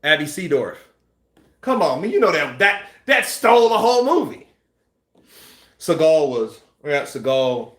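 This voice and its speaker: A man hosting a boxing news channel, chatting casually and acting out scenes with shouts and sound effects. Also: a little high, very animated, measured pace, long pauses, roomy sound. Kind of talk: casual live-stream chat.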